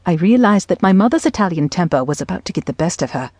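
A woman narrating an audiobook in the first person with measured, even storytelling. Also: lowish voice, slightly rough, no echo, studio quality.

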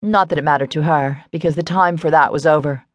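A woman audiobook narrator giving a steady, measured reading of a romance novel. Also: low voice, dry recording.

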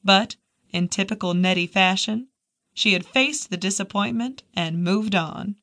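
A woman narrating a mystery novel in a measured, steady audiobook reading. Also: mid-range voice.

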